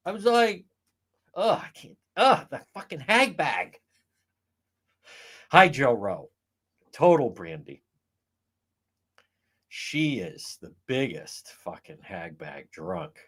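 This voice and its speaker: A man hosting a casual livestream, ranting in an animated, profane way. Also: medium pitch. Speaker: livestream host.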